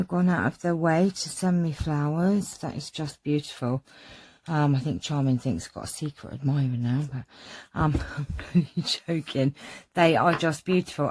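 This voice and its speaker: A woman's voice: sits low, dry recording. A woman chatting in a gushing, rambling way while giving a casual craft tutorial at home. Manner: warm-hearted, gushing, rambling. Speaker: crafting vlogger.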